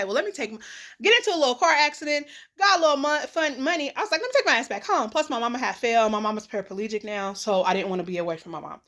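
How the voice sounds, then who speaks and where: A middle-aged woman vlogging in a casual, emotional monologue, blunt and animated, swearing freely and talking straight to her viewers. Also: mid-range voice.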